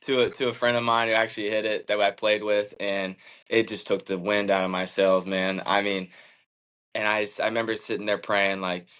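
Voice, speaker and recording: A man's voice: on the low side, little pitch movement, a little fast, a bit bright, clean tone, poor audio. A man in his thirties, a professional athlete as interview guest, telling his story earnestly and reflectively, with many fillers like "like" and "man". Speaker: professional baseball pitcher, guest.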